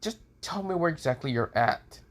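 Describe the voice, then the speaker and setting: A man voicing a stern young woman in a fan story who scolds in an exasperated way, a little higher than his own voice. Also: lively intonation, normal speed, natural voice. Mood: scolding.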